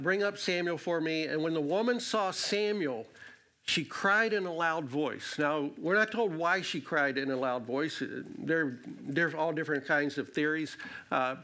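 A man's voice: on the high side, a bit bright. A man teaching through a Bible passage verse by verse, reading it aloud and explaining it in a conversational way with many fillers and restarts.

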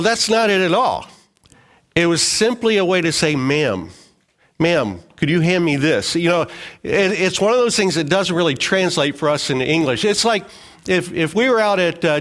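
A man's voice: on the high side, fairly bright tone. A middle-aged male pastor preaching a sermon in a conversational way, with joking asides and acted-out quotes.

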